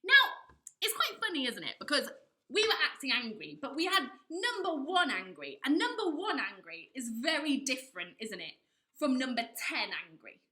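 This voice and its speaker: A woman with a high, very bright, lively voice leads a children's drama lesson. She coaches the kids directly and encourages them warmly. The room is echoey, with faint music behind her. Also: moderate pace. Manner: encouraging, talks directly to children, acts out anger levels. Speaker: drama teacher.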